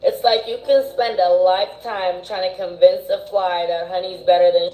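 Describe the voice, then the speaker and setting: A woman's voice: fairly low pitch, steady tone, normal speed, highs cut off. Exasperated woman commentator, echoey room. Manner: dismissive, exasperated. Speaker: political commentator. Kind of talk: casual commentary.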